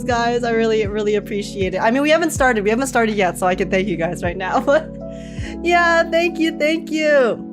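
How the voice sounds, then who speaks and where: A bubbly woman streamer with a slightly high voice greets her chat live, excitable and laughing often. Music plays clearly behind her. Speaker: game streamer. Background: background music.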